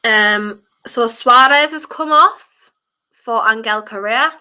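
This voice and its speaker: A woman streaming a football watchalong, chatting her opinions and breaking into shouts at fouls. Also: a little high, takes it slowly, clear, resonant tone. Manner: passionate, blunt, chatty opinions. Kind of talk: live match commentary and fan chat.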